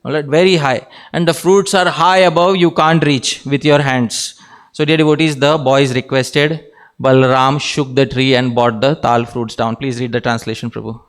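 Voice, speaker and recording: A man with a medium-pitched voice and fairly even intonation leads a devotional scripture class at a moderate pace. He keeps asking his listeners questions, repeatedly calls them "dear devotees," and laughs lightly between points.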